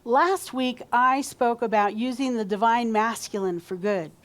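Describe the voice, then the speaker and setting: A woman pastor giving a sermon in a church, talking conversationally and leading the congregation in call-and-response. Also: a little high. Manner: warm conversational preaching, leads call-and-response. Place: church sanctuary.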